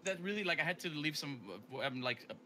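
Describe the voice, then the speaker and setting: Fast, bright man. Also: on the high side, slight background noise. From Brazil. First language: Portuguese. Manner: animated, ranting, slangy. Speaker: guest YouTuber and game maker. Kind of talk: casual chat.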